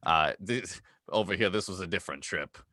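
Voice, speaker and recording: A man's voice: low-pitched, moderate pace, bright, forceful tone, no echo, clean studio sound. A man putting on a cheery globetrotting male travel guide, calling everyone mate. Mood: chummy. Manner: chummy, calls everyone mate.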